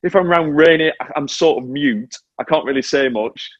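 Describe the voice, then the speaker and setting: A man's voice: a little high, fairly quick, dry recording, highs cut off. A British man in his forties, a former motorcycle racer, chatting animatedly as an interview guest over a remote link. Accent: British English. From Britain. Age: 40s. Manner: animated, self-deprecating storytelling. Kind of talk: casual interview chat.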